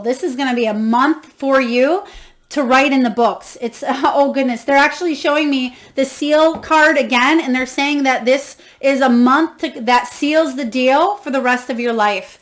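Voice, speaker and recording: A woman with a high voice does a tarot reading for her viewers. She is effusive and encouraging, reads guidebook passages aloud, and bursts into emotional exclamations. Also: normal speed. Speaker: tarot reader.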